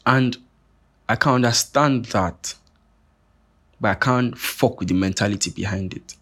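A young man hosting a podcast, talking in a rambling, profane, animated monologue full of restarts. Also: on the low side, measured pace. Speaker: podcast host. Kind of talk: casual monologue rant.

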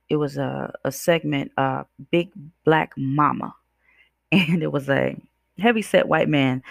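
A woman's voice: deep voice, creaky, no room sound, clean studio sound. A woman hosting her own podcast as a life coach, speaking emphatically and preaching directly to her listeners. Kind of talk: podcast monologue.

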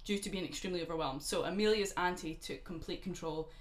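A woman's voice: lowish voice, fast, reverberant. A woman casually telling a grim true story to a friend, sarcastic and swearing, sipping gin as she goes. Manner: sarcastic, swearing, dark humor. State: drinking gin. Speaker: podcast co-host telling a true crime story.

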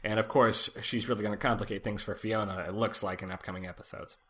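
A man co-hosting a casual podcast, recapping a TV episode in a relaxed way, with lots of fillers. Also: lowish voice, quick pace. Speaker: podcast co-host.

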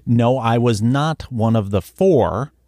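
A man's voice: medium pitch, takes it slowly, no room sound. A man who was once a police sergeant, chatting casually on a podcast game, teasing and swearing, calling his co-host bro. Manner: animated, teasing, swears, calls partner bro.

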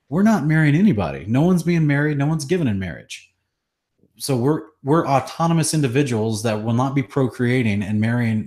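A man earnestly teaching scripture in conversation, citing verses rapidly with chapter and number. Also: medium pitch, a little mellow. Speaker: Bible teacher.

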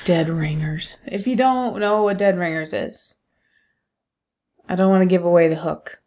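A woman's voice: on the low side, unhurried, a little mellow. Woman co-host cutting in with dry teasing comments, casual chat. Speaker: film podcast co-host. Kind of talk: casual film review chat.

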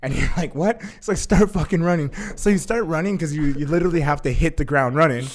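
Excitable young man telling a wild story. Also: a little high, fast, a little hiss or hum. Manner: excitable, profane, acts out quotes with laughter. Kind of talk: casual chat.

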